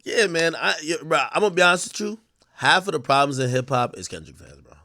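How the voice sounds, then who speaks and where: Brash, lively male livestream host. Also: fairly high pitch, fast talker, dry recording, studio quality. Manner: profane, mocking, laughs often. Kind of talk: casual rant to a live chat.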